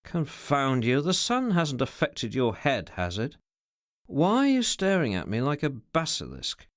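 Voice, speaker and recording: A man voicing an idle, menacing gentleman villain who mutters and speaks with dry sarcasm. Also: mid-range voice, wildly swooping pitch, a little slow, no room sound. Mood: languid.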